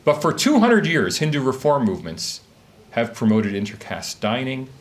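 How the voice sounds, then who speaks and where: Lively man giving a conference talk. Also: medium pitch, moderate pace. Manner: lively, questioning lecture delivery; speaks from notes to a live audience. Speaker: academic speaker. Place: conference room.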